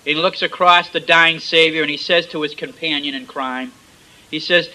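A high-pitched man preaches with an emphatic, dramatic delivery. His tone is piercingly bright and tense, and he swings his loudness up and down as he retells the story. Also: fairly even intonation, moderate pace, low-quality recording. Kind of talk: sermon.

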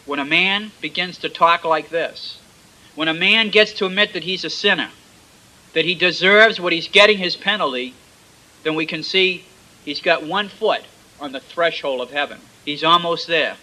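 A man preaching a sermon, retelling scripture emphatically and swinging between loud and soft. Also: a little high, moderate pace, rough recording.

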